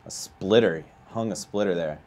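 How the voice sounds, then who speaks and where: A man playing a baseball video game live, chatting with viewers and ranting with a voice that climbs high when he gets outraged. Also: normal speed, a little mellow. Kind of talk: live gameplay commentary and chat.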